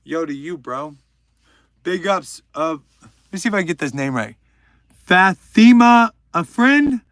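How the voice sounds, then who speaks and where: A man's voice: fairly high pitch, normal speed, a bit bright, dry recording, clean studio sound. A young man hosting a livestream, chatting casually and joking while reading out viewers' names. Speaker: livestream host.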